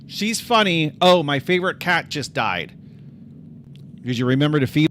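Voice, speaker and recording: A man's voice: fairly high pitch, lively intonation, normal speed, long pauses, fairly bright tone, slight background noise. A man streaming his game development, thinking aloud as he debugs and talking straight to his chat. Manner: thinks aloud, mutters to himself and addresses chat directly. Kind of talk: casual livestream chat while coding.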